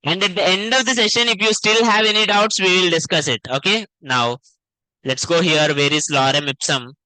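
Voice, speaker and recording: A man teaches a web coding class over an online call, his voice sharp and bright. He breaks points into short, repeated phrases and keeps asking whether everyone follows. The sound is dry and close, with almost no room around it. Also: high-pitched, normal speed, clean tone, no room sound, rough recording. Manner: explains in short repeated phrases, checks in with "okay?" and "right?".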